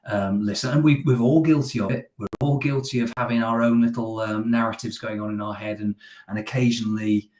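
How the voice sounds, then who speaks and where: A man's voice: lowish voice, steady tone, a little fast, a little mellow. A man as a guest in a casual sales chat, speaking emphatically about listening to clients. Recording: echoey room.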